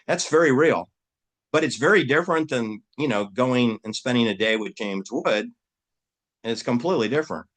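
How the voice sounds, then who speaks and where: A man rambling through casual commentary on his own channel. He talks in a mocking, animated way and keeps firing off rhetorical questions. His voice leaps up high for emphasis, then drops back to a middling pitch. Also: moderate pace. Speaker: channel host.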